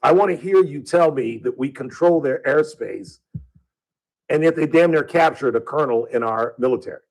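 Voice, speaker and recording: A man's voice: fairly high pitch, moderate pace, a little mellow, low-quality recording. A male talk radio host speaking from a studio, delivering a combative opinion monologue full of rhetorical questions. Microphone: studio microphone.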